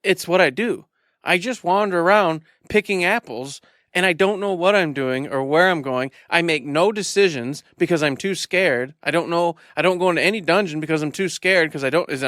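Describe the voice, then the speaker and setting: Male podcast co-host with a high voice, self-mocking and exasperated, dry recording. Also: expressive, fairly quick, fairly bright tone, no echo. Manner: self-mocking, exasperated, acts out the people he quotes. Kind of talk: casual chat.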